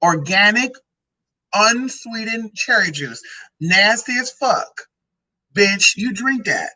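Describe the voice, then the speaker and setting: A woman's voice: medium pitch, very animated, slow, sharp tone, rough recording. A transgender woman vlogging casually about drinks and food, sassy and profane, rambling from one tangent to the next. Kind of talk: casual product-review vlog.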